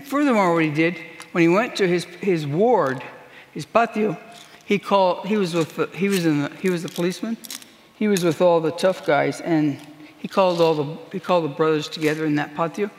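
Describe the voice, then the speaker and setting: A woman's voice: lowish voice, a little hiss or hum. A woman giving an earnest, emphatic sermon testimony as a prison minister. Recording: long reverb of a large hall.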